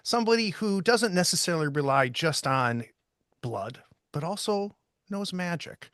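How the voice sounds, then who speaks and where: A man's voice: sits high, animated, moderate pace, a bit bright, dry recording, studio quality. Man narrating as game master. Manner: descriptive scene-setting narration.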